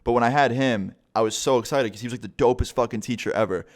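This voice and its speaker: A man's voice: mid-range voice, fast. A young man telling a story in a casual, rambling way, swearing a lot. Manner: profane, rambling, full of fillers. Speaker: vlogger.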